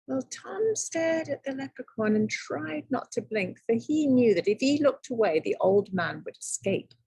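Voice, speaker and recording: A woman teacher reads a picture book aloud to her young students, telling it with expressive drama. Her voice is husky with a gravelly fry, and she takes her time. The sound is dry and close. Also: on the high side, unhurried, few pauses, no room sound.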